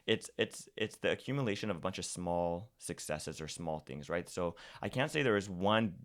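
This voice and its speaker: A man with a very deep voice talks casually as a podcast guest. He is talkative and often restarts his sentences and repeats words. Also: expressive, normal speed, a bit bright. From California's Central Valley. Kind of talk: casual conversation.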